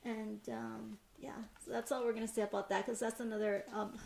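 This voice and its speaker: A middle-aged woman co-hosting a podcast, speaking softly and haltingly with many restarts. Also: a little high, little pitch movement, gravelly, slight background noise. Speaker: podcast co-host, medium. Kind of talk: casual chat.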